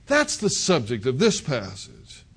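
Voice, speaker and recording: A man's voice: medium pitch, wildly swooping pitch, unhurried, creaky, slightly rough. A male pastor preaching an expository sermon in a conversational, emphatic way, full of rhetorical questions.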